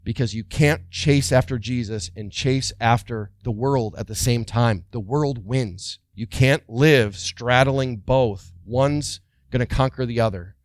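A middle-aged male pastor delivering a sermon, full of rhetorical questions and light humor, swinging between quiet asides and loud, emphatic bursts. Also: medium pitch, measured pace, no echo, studio quality.

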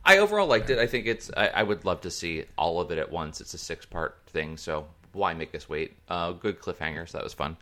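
Male co-host, low register, swooping lively delivery, rambling conversational talk. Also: brisk, few pauses. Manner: animated, rambling, trails off mid-sentence. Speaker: podcast co-host. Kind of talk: casual chat.

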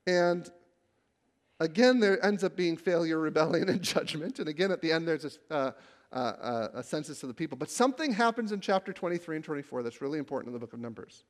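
A male pastor preaching a sermon, telling the story with animation and acting out the quotes, then growing hushed when he reads scripture. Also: on the high side, lively intonation, fast. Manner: drops to a hushed, reverent tone when reading scripture.

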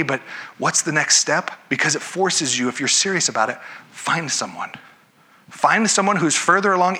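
A man's voice: fairly high pitch, sharp tone, slightly rough. A man preaching a sermon to his church, in a conversational way that corrects itself and puts questions to the congregation. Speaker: pastor.

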